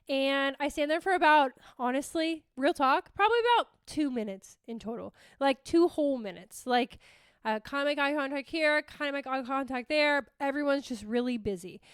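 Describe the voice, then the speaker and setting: A young woman hosting a podcast, telling a story in a casual, animated way, swearing freely and talking to listeners as "you guys.". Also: high voice, dry recording. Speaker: podcast host.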